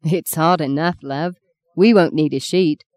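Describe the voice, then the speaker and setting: A woman's voice: sits low, measured pace, darkish tone. A woman reading a curt, impatient young husband. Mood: brusque. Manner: curt, brusque and commanding. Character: blunt young adult man, impatient husband.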